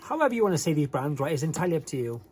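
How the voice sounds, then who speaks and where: A man's voice: on the high side, sing-song, very fast, darkish tone, slight background noise. A man chatting casually as a co-host in a haul video, joking and bantering. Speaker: reseller vlogger, co-host.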